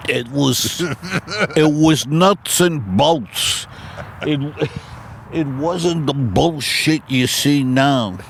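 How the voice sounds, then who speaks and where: Slow-talking guy hosting a comedy podcast, rambly and deadpan, light background hiss. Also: medium pitch, gravelly. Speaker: podcast host. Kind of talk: casual comedy chat.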